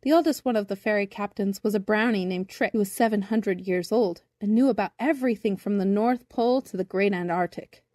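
A woman reading a children's storybook aloud in a gentle, measured narration. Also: medium pitch, dry recording, studio quality.

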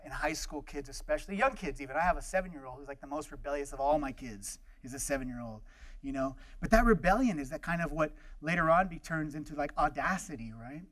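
Storytelling male lecturer, fairly high voice. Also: fairly bright tone. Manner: anecdotal, acts out quoted voices, many fillers. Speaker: guest lecturer.

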